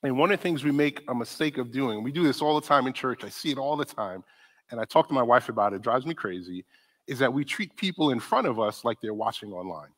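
A man giving a conference talk on church ministry, conversational and animated, often asking the audience questions. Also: medium pitch, quick pace. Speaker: conference speaker on disability ministry. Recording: long hall reverb.

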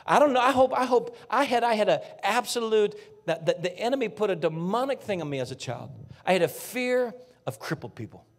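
A man preaching a fervent sermon as a guest pastor in a church, talking folksy and straight to the congregation, dropping to hushed whispers and rising to near shouts. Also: high-pitched, lively intonation, fairly quick, hardly any pauses. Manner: folksy, addresses congregation directly. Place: church sanctuary.

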